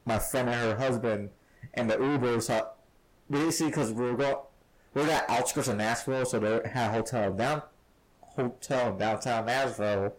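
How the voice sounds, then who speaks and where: A man's voice: mid-range voice, moderate pace, rough recording. A man co-hosting a podcast, telling stories in casual chat and laughing often as he talks. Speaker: podcast co-host.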